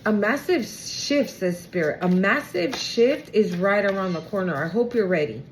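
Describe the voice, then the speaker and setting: Animated and mid-range at a moderate pace, a young woman reads tarot casually for her viewers. Her slangy, exclamatory delivery is emotional and often swings toward tears. There's slight background noise.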